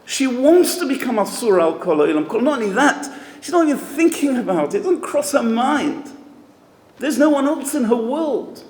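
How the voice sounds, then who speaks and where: A man's voice: extremely high pitch, big pitch swings, normal speed, a little mellow. A man, a rabbi, giving an emphatic, storytelling talk at an event. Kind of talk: sermon-style talk at an event. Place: event hall. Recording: echoey hall with long reverb.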